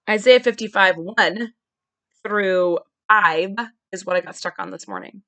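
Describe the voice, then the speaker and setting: A woman's voice: mid-range voice, measured pace, sharp tone, dry recording. A woman in her forties hosting a podcast, candidly thinking aloud in a searching, wry monologue. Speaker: podcast host. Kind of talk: personal reflective monologue.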